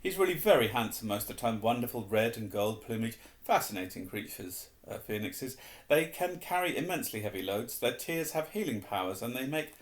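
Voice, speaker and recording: A man doing a slow, kindly old wizard headmaster. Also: mid-range voice, lively intonation, natural voice. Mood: amused calm. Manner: slow, measured, kindly delivery. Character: gentle elderly male headmaster wizard, calm and wise. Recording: roomy echo.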